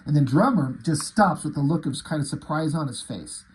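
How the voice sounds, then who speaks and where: A man casually reading through a comic and commenting on it as he goes. He is enthusiastic, swears freely and thinks out loud. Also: on the high side, lively intonation, fairly quick, slight background noise. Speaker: comic book reviewer.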